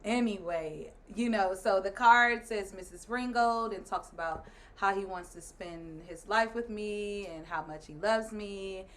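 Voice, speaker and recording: In a mid-range voice at a slightly slow pace, a woman in her thirties shares a story as a guest. She's the host's wife, chatting casually, animated and laughing while mimicking other people's lines.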